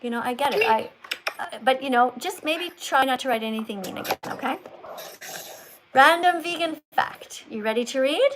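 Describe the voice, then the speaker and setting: A woman hosting a livestream, coaching a caller to read aloud slowly, in a coaxing, teacherly way as if talking to a child. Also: sits high, lively intonation, background noise. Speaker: livestream host.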